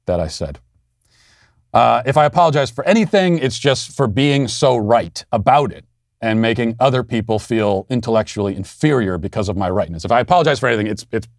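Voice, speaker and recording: A man's voice: fairly low pitch, dry recording, studio quality. A man in his thirties hosting an opinion podcast, talking in a defiant, sarcastic and emphatic way. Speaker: podcast host. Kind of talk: opinion commentary monologue.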